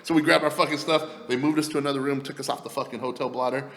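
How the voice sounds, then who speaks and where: A fast-talking man with a gravelly edge to his voice, spinning profane stories on a casual podcast. He acts out the other people with animated quoted voices. Long reverb hangs on the recording. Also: mid-range voice. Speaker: podcast co-host telling stories. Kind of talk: casual storytelling chat.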